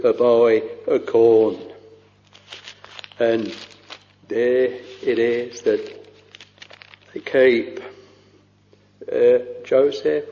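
A man preaches in a very slow, halting way, stopping often and filling gaps with soft fillers. His voice is mellow and dark. The recording is dull and lo-fi, with a long reverb from a church hall. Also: mid-range voice. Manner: slow, halting delivery with many pauses and fillers. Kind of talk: sermon.

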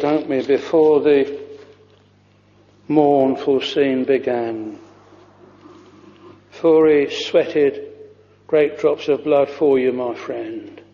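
Slow preacher in a reverberant chapel. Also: male voice, fairly high pitch, warm tone, muffled recording. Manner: slow, fervent old-fashioned preaching with hymn quotes. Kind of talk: sermon. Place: church.

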